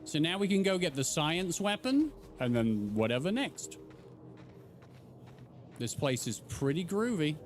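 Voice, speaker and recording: A man streaming a game playthrough, talking casually in a joking, excitable way. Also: fairly high pitch, unhurried, pauses often, faint music behind. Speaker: gaming streamer. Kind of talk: casual let's play commentary.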